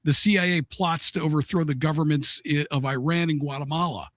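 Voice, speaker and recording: A man's voice: a little high, fairly even intonation, brisk, fairly bright tone, no room sound, studio quality. A man co-hosting a podcast, steadily explaining history in casual chat, with hesitant restarts. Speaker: podcast co-host.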